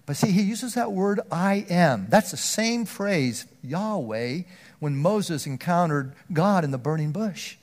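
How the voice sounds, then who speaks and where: A man preaching a sermon, earnest, often restarting words, swinging from loud emphatic stretches down to a near hush. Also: high voice, animated, a little slow.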